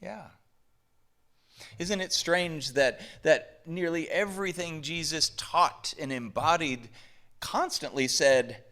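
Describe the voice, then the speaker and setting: A man's voice: fairly high pitch, slow, bright, forceful tone. A man from the southern United States preaching a conversational sermon to his church, full of emphatic rhetorical questions. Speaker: pastor. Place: church sanctuary.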